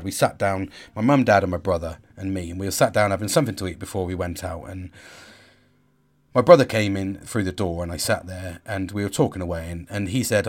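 A middle-aged man talking in a raw personal video diary, emotional and halting, swearing and repeating himself as he speaks to his audience. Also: on the low side, a little mellow.

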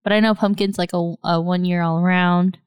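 Woman chatting, super animated stories, smooth clear voice, dry close sound. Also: brisk, no room sound. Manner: animated storytelling, lots of "like", acts out quotes in a higher voice. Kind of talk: casual chat.

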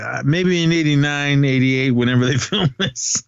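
A man's voice: mid-range voice, moderate pace, vocal fry, clear, resonant tone, no echo, muffled recording. Chatty man retelling a movie scene. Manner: rambling retelling with frequent laughs. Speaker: podcast co-host. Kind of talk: casual movie recap chat.

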